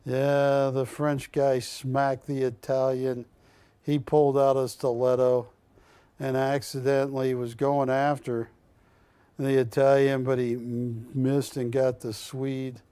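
A man hosting a live shopping channel, pitching coins in a folksy, joking, pushy sales manner. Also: flat delivery, slow pace, warm tone, clean tone, no room sound.

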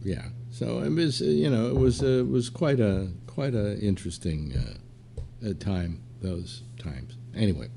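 A man's voice: fairly low pitch, normal speed, vocal fry, dark tone, a little hiss or hum. An older man hosting a talk show, telling anecdotes in a loose, rambling way full of fillers and playful quoted voices. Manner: storytelling, many fillers, mimics quotes. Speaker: podcast host. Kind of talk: casual rambling chat.

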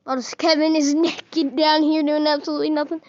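A woman's voice: high-pitched, level tone, a little fast, no echo, lo-fi sound. A woman giving casual, playful gameplay commentary, teasing and chatting to the characters in her game. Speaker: gaming video host.

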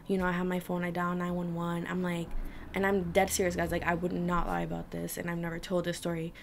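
A woman's voice: on the low side, monotone, quick pace, vocal fry, a little hiss or hum. A young woman vlogger telling a frightening personal story to her camera, tense and emotional, often dropping to a whisper. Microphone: camera mic.

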